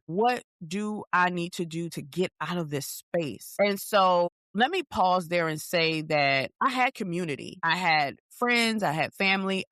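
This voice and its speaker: A woman's voice: lowish voice, dry recording, clean studio sound. A woman in a podcast, a therapist and host, telling her own story in a candid, confiding way and acting out her inner voice. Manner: candid, confiding, animated retelling with inner-voice quotes. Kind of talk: personal storytelling monologue.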